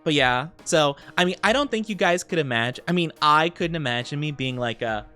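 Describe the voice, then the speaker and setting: Chatty young male streamer, lively voice. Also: a little high, brisk, smooth, soft background music. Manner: rambling, chatty, laughs often, many fillers. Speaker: VTuber streamer. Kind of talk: casual live-stream chat.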